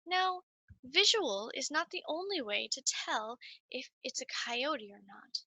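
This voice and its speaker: A woman giving a lively, sing-song nature lesson to young children while playing a coyote mascot. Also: high-pitched, measured pace, dry recording. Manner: animated, sing-song, speaks straight to children.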